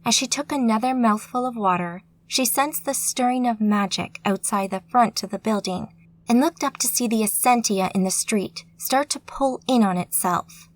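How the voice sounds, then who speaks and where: A woman narrating a fantasy audiobook in a steady, measured storytelling manner. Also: a little high.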